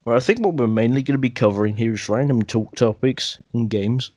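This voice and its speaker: A man's voice: medium pitch, a little fast, darkish tone, dry recording. A young man hosting a casual podcast, chatting loosely with a friend, laughing and swearing often. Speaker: podcast host. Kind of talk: casual chat.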